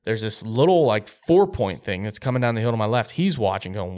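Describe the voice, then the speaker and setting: A man co-hosting a podcast, telling a hunting story in an animated, excitable way. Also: lowish voice, fairly quick. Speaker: podcast co-host.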